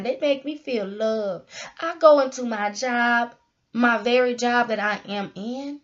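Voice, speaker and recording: High-voiced woman giving lively testimony. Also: unhurried. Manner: animated, acts out quoted people in raised voice. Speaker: motivational speaker. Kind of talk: personal testimony monologue. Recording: dull lo-fi sound.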